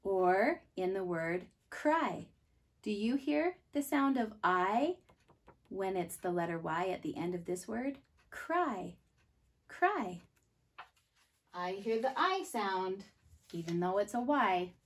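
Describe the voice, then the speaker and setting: A woman teaching a phonics lesson to preschool children. She speaks slowly and clearly and says each word twice, with excited bursts on the exclamations. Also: mid-range voice.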